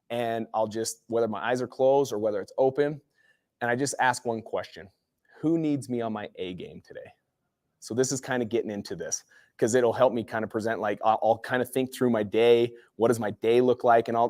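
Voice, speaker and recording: A man in his forties from Utah tells personal stories in a loose, rambling motivational talk full of fillers. His voice sits at an ordinary middle pitch. The sound is dry, with no room echo. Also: a little mellow. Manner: casual, rambling storyteller with many fillers. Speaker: guest speaker.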